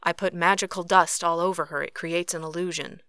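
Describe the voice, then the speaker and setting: A woman voicing a calm soft-spoken male Fae. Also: fairly low pitch, brisk, clean tone, dry recording, clean studio sound. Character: calm young male Fae, patient and evasive. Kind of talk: audiobook character voice.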